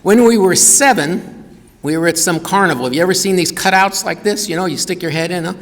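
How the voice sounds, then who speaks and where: This keynote talk comes from a man whose high-pitched voice runs a little fast as he shares funny family stories. He animatedly voices his relatives in quotes, and the hall around him is reverberant.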